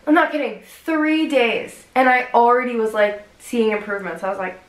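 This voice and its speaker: A young adult woman chatting casually in a vlog, expressive and full of "like" fillers. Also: on the high side, normal speed, reverberant, poor audio. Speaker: vlogger.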